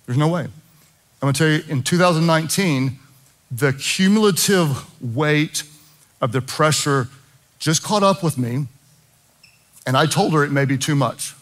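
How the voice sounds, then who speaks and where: A man's voice: a little high, measured pace, long pauses. A middle-aged man preaching a sermon as pastor, emphatic and impassioned, with jokey asides.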